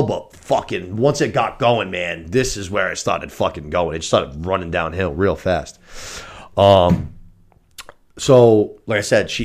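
A man co-hosting a podcast, recapping a TV episode in a casual, animated and profane way. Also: on the low side. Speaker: podcast co-host.

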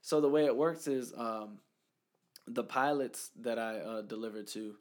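A man's voice: mid-range voice, measured pace, darkish tone. A man telling a story in a casual faith-based conversation, acting out the voices he quotes.

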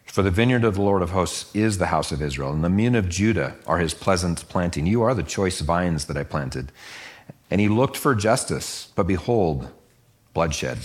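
A middle-aged man teaching a Bible passage casually, explaining the verses conversationally and acting out the voices of the listeners. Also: moderate pace. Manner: conversational, acts out voices of the listeners with lively pitch jumps.

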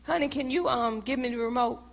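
A woman voicing a weary, defensive husband who mumbles his lines quietly. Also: a little high, a little fast, creaky.

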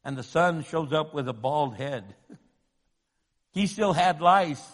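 A man preaching a sermon with passion, moving between loud pleading and hushed tones, in an echoing church hall. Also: on the high side, animated, slow pace. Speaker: pastor.

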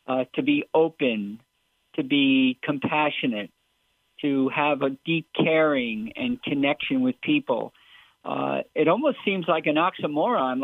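A man's voice: medium pitch, no room sound. A man speaking as a sports psychologist guest on a radio show, earnest and emphatic, asking rhetorical questions. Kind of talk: phone-in radio interview. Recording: tinny phone line.

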